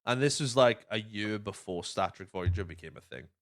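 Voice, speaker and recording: A man's voice: fairly low pitch, animated, moderate pace. A man hosting a podcast, telling stories casually with lots of swearing and acted-out quotes. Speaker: podcast host. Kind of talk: casual chat.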